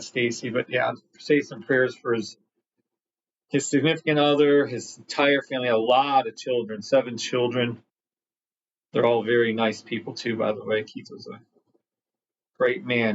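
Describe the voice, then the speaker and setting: A man's voice: mid-range voice, steady tone, normal speed, lo-fi sound, a little hiss or hum. A man hosting a live trading stream, greeting chat by name and talking bluntly with lots of swearing. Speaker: livestream trading host. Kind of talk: live market commentary reading chat.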